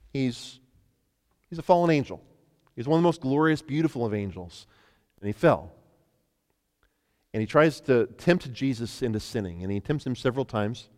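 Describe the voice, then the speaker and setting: A man preaches in a large hall, his voice carrying a long reverberant tail. He acts out scripture voices with lively energy, then falls to hushed, intimate tones. His pitch sits in an everyday middle range. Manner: animated, acts out scripture voices, rises and drops to near whisper. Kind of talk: sermon.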